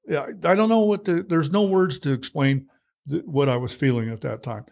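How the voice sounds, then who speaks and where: A man's voice: fairly high pitch, fairly quick, vocal fry. A man in his sixties, an interview guest, candidly telling his story in a blunt, salty way and acting out the quotes. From United States. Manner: blunt, salty, animated retelling with acted quotes.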